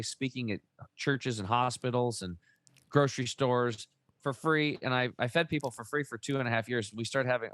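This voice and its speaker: A man in his forties, a guest on a talk show, telling his story in a folksy, excitable way with mild swearing. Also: medium pitch, no room sound. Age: 40s. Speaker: podcast guest. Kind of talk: casual interview storytelling.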